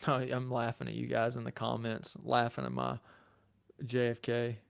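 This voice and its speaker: A man's voice: medium pitch, normal speed, gravelly, clear, resonant tone. A middle-aged man with a Southern accent, a lawyer hosting a casual livestream and chatting easily through viewer comments. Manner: relaxed, chatty, self-deprecating. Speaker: lawyer and channel host.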